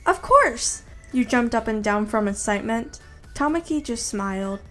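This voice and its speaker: Woman, fan-fiction reader, steady plain delivery, slightly high voice. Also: moderate pace, soft background music. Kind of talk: second-person fan-fiction narration.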